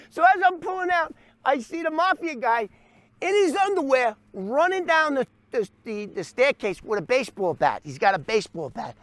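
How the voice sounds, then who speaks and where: A man tells an animated story, punching it up with sound effects. His voice sits high for a man. The sound is dry and close, with no room around it. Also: moderate pace, no room sound. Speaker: storyteller recounting his past. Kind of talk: animated first-person storytelling.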